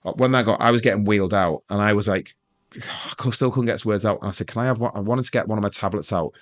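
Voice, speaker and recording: Fast-talking deep-voiced man telling his story. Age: middle-aged. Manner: rambling, self-interrupting, joking. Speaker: guest. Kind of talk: storytelling interview.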